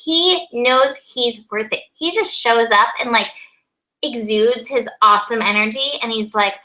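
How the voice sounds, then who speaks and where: A woman's voice: fairly high pitch, a little slow, bright, forceful tone, poor audio. A woman co-hosting a tarot chat, upbeat and enthusiastic, often giggling. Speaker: co-host tarot reader. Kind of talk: casual spiritual chat.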